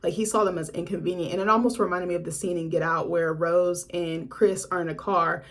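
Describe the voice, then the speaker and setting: Woman vlogger, casual film critic; slightly low-pitched, blunt, swears, sassy asides. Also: steady tone, fairly quick. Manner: chatty, frank, swears freely, sassy asides. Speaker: film reviewer. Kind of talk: casual film review vlog.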